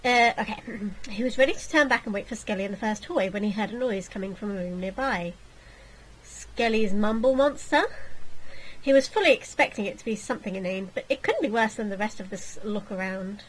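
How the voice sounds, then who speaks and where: A woman's voice: mid-range voice, fast, hardly any pauses, a little hiss or hum, rough recording. A woman hosting a game playthrough, reading the text aloud with playful, jokey asides. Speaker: let's play host.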